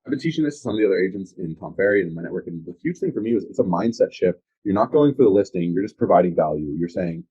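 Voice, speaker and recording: A man's voice: low voice, expressive, very fast, few pauses, husky, muffled recording. A man, a real estate agent, talking with energy in a casual podcast conversation and acting out sales calls.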